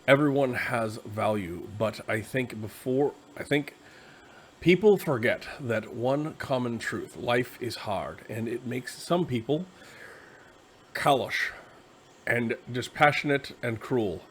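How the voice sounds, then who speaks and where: A man voicing a wise male knight in a rough put-on Scottish accent, reading slowly and earnestly. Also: mid-range voice, lively intonation, slight background noise. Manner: slow, earnest, rough imitation.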